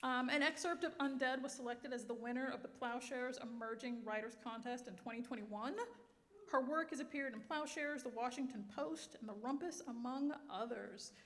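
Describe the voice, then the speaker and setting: A woman's voice: fairly high pitch, a bit bright. A woman hosting a literary reading, introducing the next author in a chatty way with fillers and asides. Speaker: reading host. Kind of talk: introducing a reader at a literary event. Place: event room. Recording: reverberant hall.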